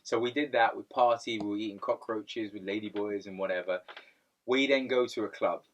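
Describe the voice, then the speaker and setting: A man's voice: fairly low pitch, fairly even intonation, fairly quick, muffled recording. A man co-hosting a podcast and telling stories in a casual, rambling way, often repeating words. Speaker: podcast co-host. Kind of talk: casual storytelling chat.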